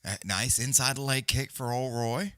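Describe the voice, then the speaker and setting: A man's voice: medium pitch, unhurried, fairly bright tone, dry recording, studio quality. A man giving loose, profane, casual live fight commentary as a companion-stream host. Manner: profane, blunt, loose, Southern-leaning slang.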